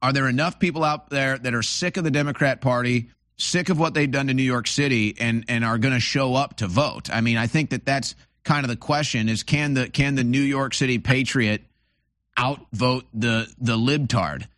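A man's voice: mid-range voice, normal speed, a bit bright, no room sound, studio quality. A man hosting an interview, talking in a rambling, opinionated way with lots of restarts. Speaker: host. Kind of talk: casual interview talk.

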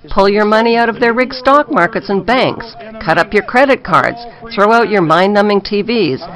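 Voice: medium pitch, fairly bright tone, low-quality recording. A documentary narrator reading a scripted, mocking satirical voice-over. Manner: mocking, sardonic.

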